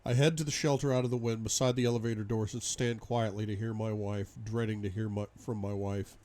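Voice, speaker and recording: A man reading a novel aloud in first person, dramatic, moving between hushed despair and loud outbursts. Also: fairly low pitch, level tone, fairly quick. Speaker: audiobook reader.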